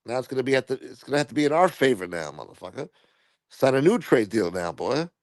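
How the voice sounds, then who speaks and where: A man's voice: medium pitch, big pitch swings, fast, no echo. A blunt man runs a casual live stream, rambling and swearing freely as he reacts to chat. His voice sits mid-range and is recorded dry and close.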